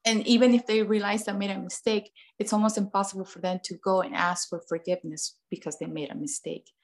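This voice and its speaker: A woman's voice: medium pitch, steady tone, quick pace. A woman guest in a casual podcast conversation, talking earnestly, often repeating phrases and acting out what parents say to kids.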